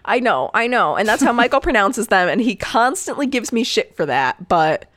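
A woman's voice: fairly high pitch, big pitch swings, moderate pace, fairly bright tone, no echo, studio quality. A woman co-hosting a podcast, telling a case story in casual chat with frequent asides and the odd swear word.

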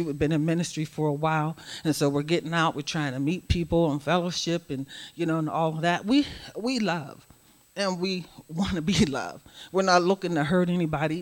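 A middle-aged woman giving a sermon as guest speaker, swinging from hushed asides to loud, emphatic preaching. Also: deep voice.

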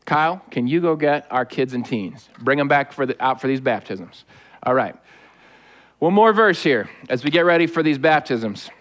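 A middle-aged male pastor giving a lively, joking sermon to his congregation. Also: medium pitch, moderate pace. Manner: animated, joking, preaching to a live congregation.

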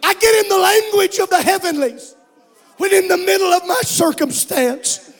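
A male pastor preaching a sermon in a church, reading scripture aloud and often shouting or singing out his lines. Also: very high-pitched, normal speed, some chatter behind. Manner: preaching with shouted, sung-out passages.

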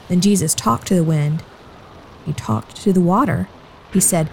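A woman slowly and gently telling a Bible story to children, speaking expressively and addressing them directly. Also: on the low side, vocal fry, slight background noise, rough recording. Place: at home.

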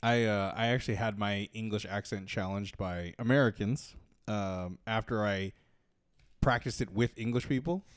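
A man in casual chat, tossing in dry, quick quips and short agreements. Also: lowish voice, clean tone.

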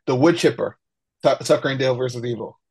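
A man with a mid-pitched voice talks casually as a guest on a podcast. He sounds laid-back, laughs often and fills his speech with small pauses. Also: slightly rough. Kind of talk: casual chat.

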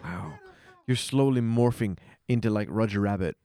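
A man's voice: fairly low pitch, moderate pace, mellow, clean tone, no echo. Man cracking wry one-liners. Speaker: podcast co-host. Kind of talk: casual comedy chat.

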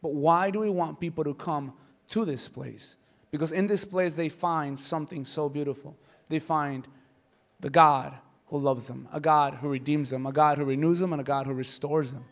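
A male pastor preaching a conversational sermon, animated and humorous, acting out dialogue as he goes. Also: a little high, moderate pace.

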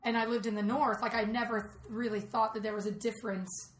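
A chatty woman from Georgia talks in a casual podcast conversation, her voice a little high. She is animated and full of quick asides. The sound is roomy with a faint hiss behind it. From Atlanta, Georgia. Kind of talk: casual chat. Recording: roomy echo, faint noise.

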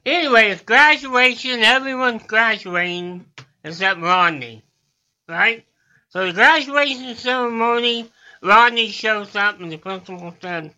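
Slow, bright-voiced man telling jokes. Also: sits high, animated, muffled recording. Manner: drawn-out joke delivery with character voices. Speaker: guest comedian. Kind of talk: telling jokes in a studio chat. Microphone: studio microphone.

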